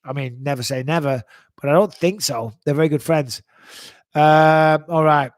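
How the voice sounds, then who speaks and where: A man hosting a live Q&A, answering viewer questions in a blunt, profane, animated way. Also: fairly high pitch, normal speed, no room sound. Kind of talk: live Q&A chat.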